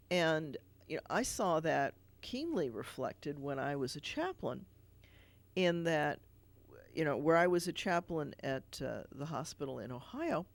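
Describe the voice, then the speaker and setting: Gravelly-voiced rabbi explaining things. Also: male voice, a little high. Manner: thoughtful, explanatory, many fillers and restarts. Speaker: rabbi sitting in as TV show host. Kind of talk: casual studio conversation. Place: TV studio.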